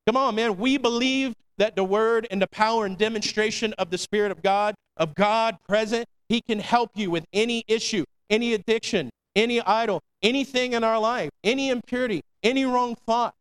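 A man with a high-pitched, smooth voice preaches a sermon as pastor at normal speed, with hardly any pauses. His delivery is conversational and slangy, a call-and-response style peppered with "come on" and "amen."

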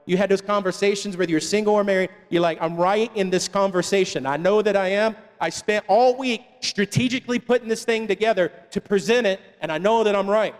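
A man's voice: sits high, fairly quick, few pauses, clear, resonant tone. A man in his thirties preaching a sermon as a pastor, calling out to the congregation for responses. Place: church hall. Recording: long reverb of a church hall.

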